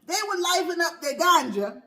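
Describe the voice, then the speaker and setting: A performer playing a loud, gossipy middle-aged auntie in a comedy skit, telling a story while eating. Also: very high-pitched, full character voice. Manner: animated, talks between bites of food; exclamatory, drawn-out "baby", "child", "honey". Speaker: comedy mukbang character.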